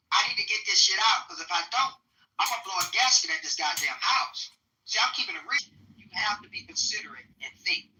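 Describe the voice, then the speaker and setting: A man's voice: sits high, lively intonation, brisk, sharp tone. Blunt, profane man in a roomy echo. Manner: blunt and profane, repeats himself for emphasis. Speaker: podcast speaker. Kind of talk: candid casual talk. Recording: roomy sound from a distant mic.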